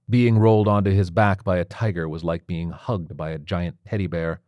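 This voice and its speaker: A man narrating a storybook in a measured, even reading. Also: low voice, no echo, highs cut off.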